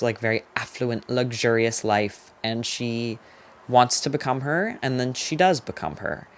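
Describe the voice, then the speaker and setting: Speaking at medium pitch, a young adult hosts a casual book review vlog. The delivery is chatty and opinionated, peppered with "like," with fast, emphatic verdicts.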